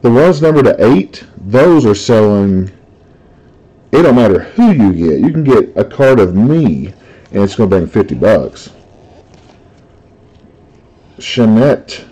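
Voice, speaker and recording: A man's voice: lowish voice, very animated, takes it slowly, pauses often, mellow, husky, rough recording. A man hosting a live card break, chatting casually, telling stories and reading out the cards he pulls. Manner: chatty storyteller, laughs easily, reads out cards.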